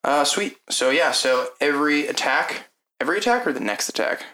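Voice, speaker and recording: A man's voice: on the high side, animated, brisk, pushed and bright. A man narrating as game master of a tabletop game, telling scenes vividly and laughing often. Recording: echoey room with background noise.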